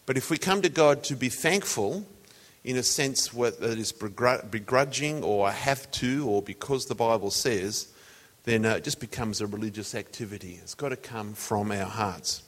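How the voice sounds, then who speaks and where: A man's voice: medium pitch, moderate pace, fairly bright tone. A man preaching a sermon in a conversational, storytelling way. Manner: conversational, tells jokes as illustrations. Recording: long hall reverb.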